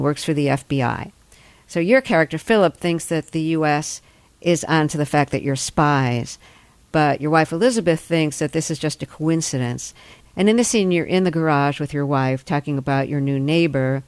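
An interviewer with a mid-range voice poses questions calmly and reads scene setups clearly. The recording is dry and close, with no room sound around it. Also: medium pitch, dry recording. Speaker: interviewer host.

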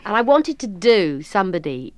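A woman from England, a comedian being interviewed, talking in a chatty, animated way and slipping into other people's voices. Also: medium pitch, normal speed, no room sound. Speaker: comedian guest. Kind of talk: talk-show interview.

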